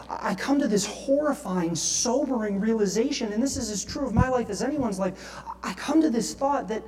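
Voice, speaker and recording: Delivering a sermon in a high-pitched, darkish voice, this pastor speaks with earnestness and reads passages of scripture aloud. His preaching grows impassioned as he admits to his own failings.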